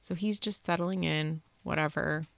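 Low gravelly-voiced woman telling a spooky story. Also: moderate pace, no echo. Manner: animated, swears freely, acts out quoted voices. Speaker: podcast host telling a ghost story. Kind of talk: casual storytelling chat.

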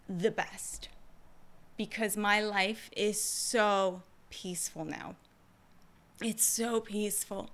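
A young woman who works as a therapist, hosting a podcast in a candid, expressive, slangy way. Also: mid-range voice. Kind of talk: casual podcast monologue.

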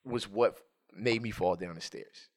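A man co-hosting a podcast, telling a comic story in a casual, animated way. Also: fairly low pitch, measured pace. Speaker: podcast co-host. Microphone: headphones and studio microphone.

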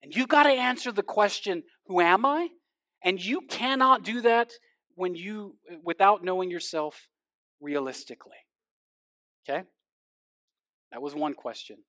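A male pastor giving a sermon, swinging from loud emphasis down to hushed, intense passages. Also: high voice, expressive, unhurried, pauses often, no echo, clean studio sound.

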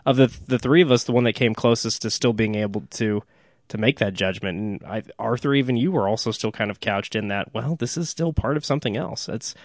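A man's voice: on the low side, a little fast, no room sound, clean studio sound. A man co-hosting a movie podcast, talking casually with frequent restarts and filler uhs. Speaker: podcast co-host. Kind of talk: casual movie discussion and show plugs.

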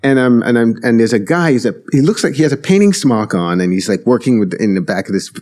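A man's voice: mid-range voice, expressive, quick pace, darkish tone. A man co-hosting a casual talk podcast, telling stories loosely with many fillers and restarts. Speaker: podcast co-host. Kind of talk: casual conversation.

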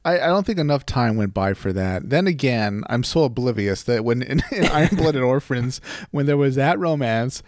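A man co-hosting a podcast in casual chat, animated and laughing often, his voice jumping up when he gets excited. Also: medium pitch, moderate pace, few pauses, dry recording, studio quality. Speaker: podcast co-host.

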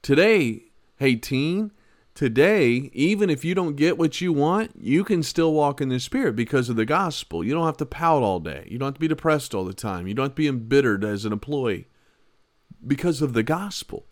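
A pastor in his podcast, a man of middling pitch giving a conversational Bible teaching. He drives his points home by repeating key words and moving between loud stretches and near-quiet ones. The sound is dry and close, with no room around it. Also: expressive, normal speed, no echo.

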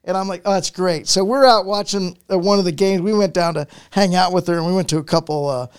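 A man's voice: high-pitched, steady tone, fast, smooth. A middle-aged father chatting about sports, easygoing and telling stories with lots of uh and you know. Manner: easygoing storyteller, hesitant fillers. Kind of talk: casual sports chat.

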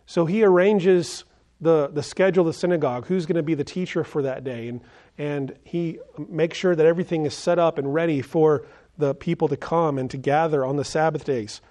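A man's voice: on the high side, a little fast, mellow. A man pastor preaching a sermon, earnest and often asking his listeners questions. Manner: earnest, asks the congregation questions.

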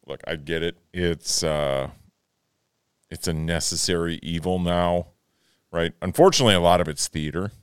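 Deep, smooth-voiced laid-back man. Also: normal speed, no room sound, clean studio sound. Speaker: podcast co-host. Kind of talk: casual chat.

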